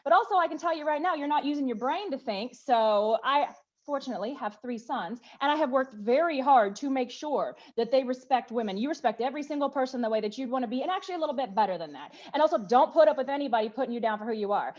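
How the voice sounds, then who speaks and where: A woman's voice: high-pitched, quick pace, lo-fi sound. A middle-aged woman from the southern United States speaking on a panel, telling stories emphatically and acting out what others said to her. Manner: emphatic, animated storytelling with quoted voices. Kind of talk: panel discussion.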